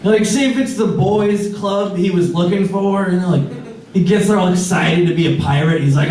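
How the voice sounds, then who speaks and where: High-voiced man doing stand-up in an echoey club. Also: steady tone, moderate pace, a little mellow. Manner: rambling, conversational, many likes and uhs. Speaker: stand-up comedian. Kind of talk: stand-up comedy set. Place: comedy club stage. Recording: echoey club, distant mic.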